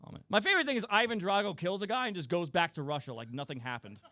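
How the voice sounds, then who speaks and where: A man's voice: high voice, expressive, fast talker, bright, forceful tone, no echo. A young man doing a rambling, crude, self-deprecating stand-up roast set. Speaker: stand-up comedian.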